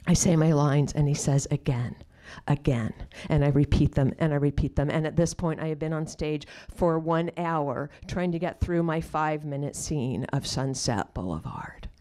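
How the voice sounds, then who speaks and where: A woman with a low voice tells a personal story on a live storytelling stage. She often sinks into hushed, near-whispered asides, then slows right down to deliver quoted questions. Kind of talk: personal storytelling before an audience.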